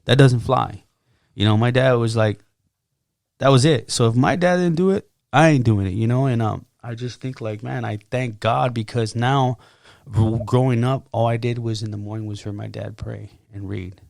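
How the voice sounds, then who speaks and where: A man as podcast guest, sharing his testimony in casual talk, animated and acting out his own quotes. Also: medium pitch, normal speed, creaky, no room sound, clean studio sound.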